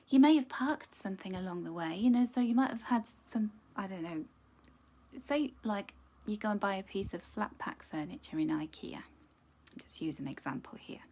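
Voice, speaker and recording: A middle-aged woman giving a live pick-a-card reading, gentle and encouraging, chatting warmly and greeting viewers by name. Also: medium pitch. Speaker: angel card reader.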